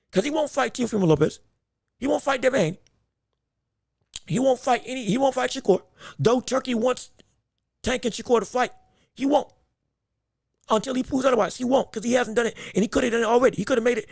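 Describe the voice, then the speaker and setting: In a studio-quality recording with no room sound, a boxing podcast host with a very high-pitched, gravelly voice makes his case emphatically. He repeats himself a lot and frequently stumbles into restarts.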